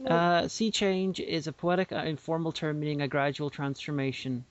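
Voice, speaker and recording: A woman's voice: low voice, moderate pace, no room sound, muffled recording. A woman co-hosting a casual podcast chat, playfully dropping showy vocabulary. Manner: playful, tries out fancy words. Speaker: podcast co-host.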